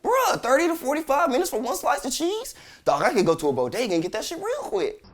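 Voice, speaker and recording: Commentary host, male, exasperated profane rant, very animated delivery. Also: very high-pitched, fast talker, a crowd in the background. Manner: exasperated, incredulous, heavy swearing.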